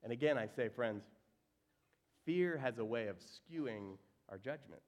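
A man preaching a sermon, reading scripture aloud and acting out the characters with sudden jumps in pitch and volume. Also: a little slow. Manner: animated, acts out quoted voices with big swings in pitch and volume. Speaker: pastor.

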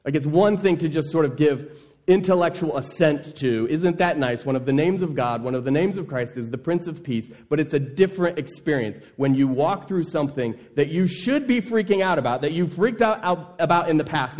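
Earnest male pastor preaching softly. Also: lively intonation, fairly quick. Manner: earnest, drops to a soft low voice on key words; rhetorical questions to the congregation. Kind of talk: sermon.

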